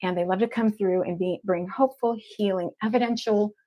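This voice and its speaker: A woman hosts a livestream as an evidential medium, chatting casually to her viewers. She is upbeat and effusive and keeps telling them she loves them. Her voice sits in an everyday middle pitch. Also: fairly even intonation, brisk, mellow. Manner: effusive and upbeat, repeats affection to the audience.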